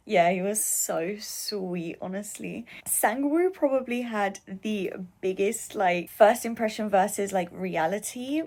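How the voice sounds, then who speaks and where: A woman's voice: medium pitch, slow pace, few pauses, darkish tone. A young woman vlogging in a casual, gushing way, full of "like" and fond asides. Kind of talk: casual chat.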